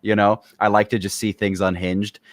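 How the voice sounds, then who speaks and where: A man's voice: lowish voice, level tone, normal speed, no room sound. A man co-hosting a film podcast, talking casually and enthusiastically about his favorite films, agreeing often. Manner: enthusiastic, agreeable, lots of yeah. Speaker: podcast co-host.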